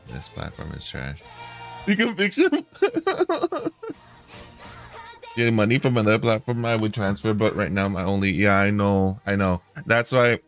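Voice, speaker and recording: A man's voice: low voice, a bit bright. A man streaming a reaction video, talking in a heated, profane, repetitive way.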